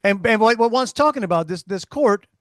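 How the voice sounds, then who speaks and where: A middle-aged man with a South Louisiana accent co-hosts a podcast, telling stories in an animated, casual way and restarting often. His voice sits high and moves a little fast. The studio-quality recording has no echo.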